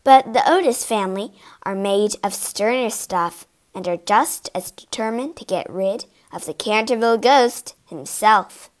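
A woman narrating a children's story aloud in an expressive, inviting way. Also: mid-range voice. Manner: expressive, slow and inviting, acting out the characters.

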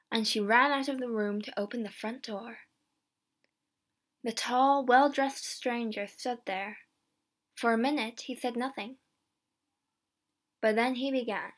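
A woman reading a simple story aloud in clear, slow narration. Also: a little high. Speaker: reader.

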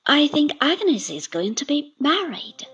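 A woman reading the part of a brisk, fond elderly aunt with crisp, emphatic lines. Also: sits high, big pitch swings, soft background music, voice pushed up. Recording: dull lo-fi recording.

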